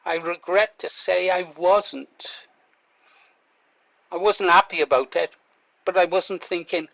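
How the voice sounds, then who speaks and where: A man's voice: fairly high pitch, takes it slowly, creaky, long pauses, fairly bright tone, dull audio. An older man, a vlogger, telling a story in a chatty way, laughing through it and swearing now and then. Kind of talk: casual storytelling to camera.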